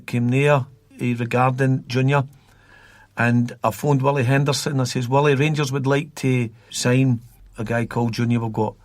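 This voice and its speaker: Scottish guy telling old stories, keeps repeating himself, flat delivery, dry sound. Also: medium pitch, no room sound. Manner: rambling, repeats words while recalling. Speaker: guest from a youth football academy. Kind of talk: storytelling in a podcast interview.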